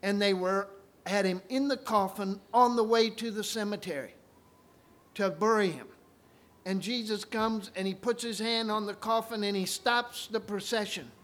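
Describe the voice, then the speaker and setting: A man preaching a sermon, retelling scripture stories and swinging from quiet asides to loud, ringing proclamations. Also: high-pitched, normal speed.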